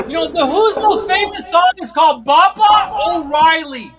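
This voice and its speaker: A man's voice: very high-pitched, unhurried, few pauses, noisy background. A middle-aged man doing a stand-up routine, ranting in exasperation with frequent swearing. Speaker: stand-up comedian. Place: comedy stage.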